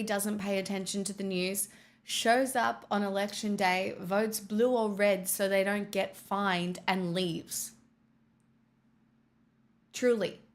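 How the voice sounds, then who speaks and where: A woman in a casual stream chat, her mid-pitched voice carrying a steady gravelly fry. She answers viewer messages with dry, sardonic asides and keeps tossing in "right?". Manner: wry and sardonic, peppered with "right?" and "truly". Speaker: streamer reading viewer donations.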